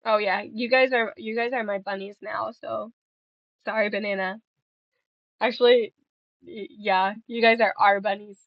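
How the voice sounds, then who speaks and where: A woman's voice: medium pitch, fairly even intonation, normal speed, dry recording, dull audio. A young woman streaming and chatting casually with viewers, playful and giggly, rambling between stories.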